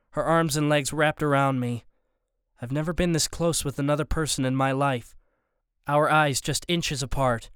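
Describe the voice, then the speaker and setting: A man narrating a first-person story as an audiobook narrator, steady and even. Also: a little high, clear, resonant tone, no echo, clean studio sound.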